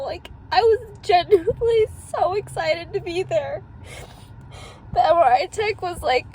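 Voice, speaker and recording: Tearful young woman with a very high voice. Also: sing-song, normal speed, a little mellow, slight background noise, rough recording. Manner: talks through tears with shaky laughs. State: tearful, crying. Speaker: vlogger. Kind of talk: emotional personal vlog.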